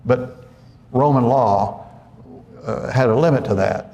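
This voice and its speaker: Gravelly-voiced man preaching a sermon. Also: mid-range voice, slow pace, pauses often, dark tone, in a large hall, slight background noise. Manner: conversational preaching with many restarts. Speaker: pastor.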